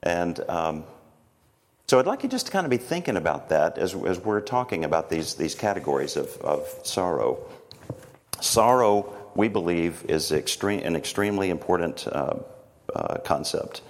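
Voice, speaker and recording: Low-voiced man, gentle and halting. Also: sing-song, a little hiss or hum. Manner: gentle, halting, many fillers and restarts; slow and soft when reading prayers. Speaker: counselor teaching a church class. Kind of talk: teaching talk with guided reflection.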